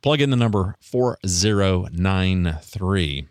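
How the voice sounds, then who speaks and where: Podcast host, man, very low voice, dry close sound, musing and self-deprecating. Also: animated, slow pace, a little mellow, no echo. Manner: rambling, self-deprecating, frequent restarts and chuckles. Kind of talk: casual reflective monologue.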